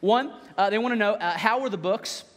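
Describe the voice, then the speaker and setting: High-voiced preacher in a hall. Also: male voice, a little fast. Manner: conversational, animated preaching with dramatic scripture readings. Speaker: pastor. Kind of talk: sermon. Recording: echoey hall.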